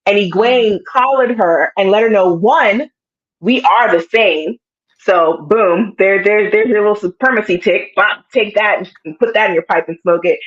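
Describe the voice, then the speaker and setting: Animated woman recapping a TV show. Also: medium pitch, normal speed, dull audio. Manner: animated, acts out scenes in shifting voices. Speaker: show co-host. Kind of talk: casual TV recap chat.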